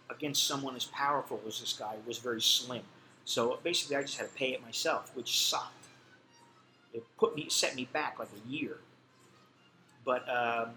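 Blunt, profane man with a bright voice. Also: medium pitch, slight background noise, rough recording. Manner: blunt and profane, with frequent fillers. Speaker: storyteller. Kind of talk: casual spoken anecdote.

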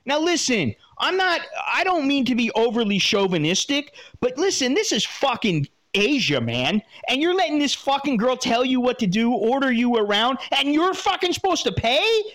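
Guy reading out a listener letter then ranting back, swears a lot, high voice. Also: moderate pace, few pauses. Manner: blunt, profane, animated ranting. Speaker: advice show host reading a listener's letter. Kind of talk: casual advice commentary.

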